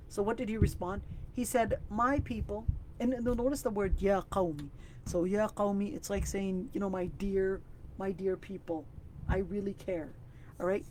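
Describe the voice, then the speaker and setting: A woman teaching an online Quran exegesis class. She explains each word carefully and recites the Arabic passages quickly and with emphasis. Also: mid-range voice, darkish tone, slight background noise. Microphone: video call.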